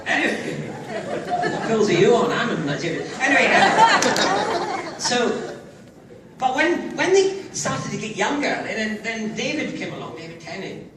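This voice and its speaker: Animated older Scottish man, lively pitch. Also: measured pace. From Scotland. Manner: animated, laughing, slips into impressions. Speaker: convention panel guest. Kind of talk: anecdotal fan Q&A. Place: large indoor convention hall. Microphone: audience camcorder from far off. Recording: echoey hall, far off, crowd noise.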